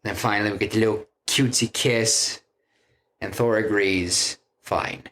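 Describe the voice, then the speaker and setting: A man's voice: on the low side, steady tone, normal speed, a bit bright. A man casually retelling a film plot on a podcast, rambling with many fillers and restarts. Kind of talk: casual chat, retelling a story.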